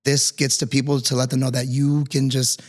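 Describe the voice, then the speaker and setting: Brisk and medium-pitched with little pitch movement, a man hosts a casual interview podcast. This martial arts instructor speaks earnestly but rambles, restarting often and using many fillers.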